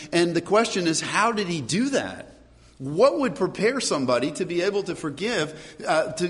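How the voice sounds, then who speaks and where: A middle-aged man preaches in a church, his voice a touch higher than most men's. He tells his stories with animation and little chuckles, often repeating a word as he goes. A long reverb trails every phrase. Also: fairly bright tone. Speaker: pastor. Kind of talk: sermon with personal storytelling.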